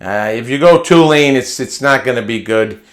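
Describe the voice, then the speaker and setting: A man's voice: medium pitch, expressive, moderate pace. A man talking through a home recipe in a chatty, folksy way, often repeating words and restarting phrases. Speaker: home cooking vlogger. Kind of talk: casual cooking demonstration. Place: home kitchen.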